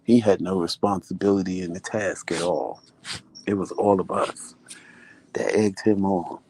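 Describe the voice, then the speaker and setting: A man's voice: low-pitched, unhurried, slightly rough. A man vlogging, telling a story casually and animatedly, acting out what people said. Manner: animated, acts out quotes.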